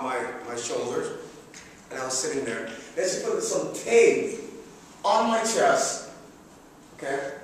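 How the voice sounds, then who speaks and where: A man's voice: on the high side, distant mic, slight background noise. Middle-aged man telling a comic story. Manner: animated, chatty, self-mocking. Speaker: public speaker. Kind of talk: humorous speech storytelling. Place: large hall. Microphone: distant room mic. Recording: echoey hall recorded from afar.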